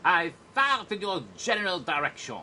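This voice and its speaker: A man putting on a high, loud voice for a jeering, insolent French castle guard, mocking and exaggerated. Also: big pitch swings, moderate pace, a little hiss or hum, heavily acted. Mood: taunting.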